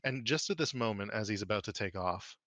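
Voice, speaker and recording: A man narrating a tabletop game as game master, relaxed and casual. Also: on the low side, fairly quick, no room sound.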